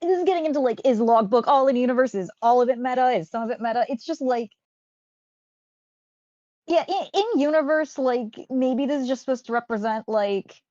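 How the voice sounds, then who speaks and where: A woman's voice: sits high, lively intonation, fairly quick, a little mellow, no echo, muffled recording. A woman chatting casually about game lore as host, rambling with many fillers and restarts.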